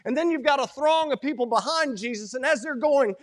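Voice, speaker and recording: A man preaching a sermon as pastor. He moves from a quiet prayer into animated teaching that rises to loud quoted cries. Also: very high-pitched, fairly quick. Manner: opens with a prayer, then preaches in an animated way, rising to shouted quotes.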